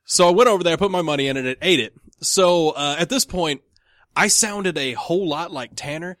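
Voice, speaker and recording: A man's voice: fairly high pitch, brisk, fairly bright tone, no room sound, clean studio sound. Laughing man telling a rambling story. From American South. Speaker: podcast co-host. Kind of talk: casual chat.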